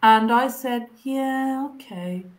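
A woman with a somewhat high voice shares her story as an interview guest. She keeps slipping into the voices of people from her past, animated and expressive. The sound comes over a video call. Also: slow pace. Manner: animated, acts out past conversations.

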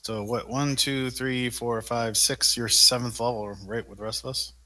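A man's voice: medium pitch, steady tone, moderate pace, bright, forceful tone. A man at a tabletop game, chatting casually and working out the rules aloud. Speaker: player.

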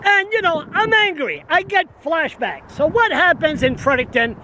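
Man in his sixties, very high voice, agitated rambling rant, outdoor street noise and wind. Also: expressive, normal speed, bright, forceful tone, low-quality recording. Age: 60s. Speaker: vlogger. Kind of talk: casual rant to camera. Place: outdoors in windy town street with traffic. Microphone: camera on a stand outdoors.

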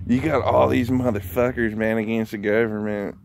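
A man's voice: fairly low pitch, steady tone, normal speed, gravelly, darkish tone, a little hiss or hum. A man vlogging a casual rant, rambling and profane, often breaking into laughter.

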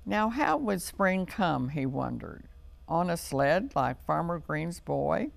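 A man reads a children's storybook aloud, gently and unhurriedly. His voice is deeply gravelly and he takes his time over every phrase. The sound is close and dry. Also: lively intonation, no room sound. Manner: slow, gentle read-aloud delivery.

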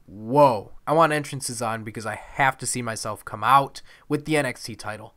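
Playful swearing game commentator, bright voice. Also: male voice, medium pitch, moderate pace, few pauses. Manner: playful, swearing, jokey outbursts. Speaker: gaming commentator. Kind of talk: let's play commentary.

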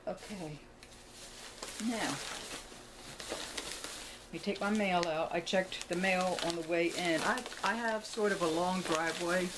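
The background is noisy as this vlogger, her voice on the low side, slowly walks through a shopping haul for a camera on a tripod. Pausing often, she thinks aloud and rambles in a casual chat indoors at home, in a room with a closet.

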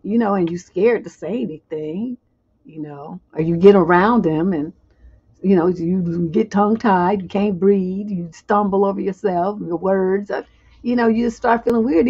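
A woman relationship coach talking casually to a live audience, animated and chatty, acting out little skits. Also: medium pitch, vocal fry, breathy edge. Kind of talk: casual livestream talk. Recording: dull muffled sound.

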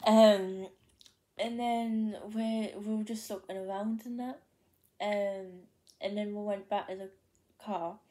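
In slow, rambling vlog chat, a young Geordie woman from North East England tells her camera a story, full of fillers and restarts. She has a mid-range, dark voice with fairly even intonation.

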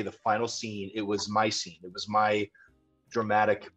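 A young man from Ohio speaks in a lower voice over a dull, lo-fi video-call line, with faint music under it. He talks earnestly and rambles, often restarting his sentences. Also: a bit bright. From Dover, Ohio, USA. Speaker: actor, interview guest. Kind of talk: casual conversation.

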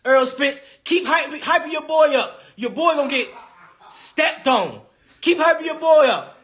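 A man's voice: extremely high pitch, expressive, measured pace, a bit bright. A young man trash-talking rivals on a phone live stream, brash and taunting, often laughing and repeating himself. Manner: brash, taunting, repetitive, laughs mid-sentence. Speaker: boxer on a social media live stream.

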